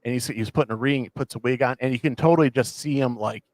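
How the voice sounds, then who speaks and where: Rambling animated man, dry close sound. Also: mid-range voice, quick pace, dry recording. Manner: rambling, many restarts and fillers, animated retelling. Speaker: podcast co-host. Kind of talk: casual chat.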